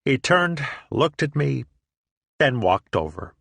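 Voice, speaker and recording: A man's voice: medium pitch, sing-song, slow pace, gravelly, fairly bright tone, dry recording. A man reading a first-person memoir aloud in a profane, sardonic, self-deprecating way. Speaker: audiobook reader.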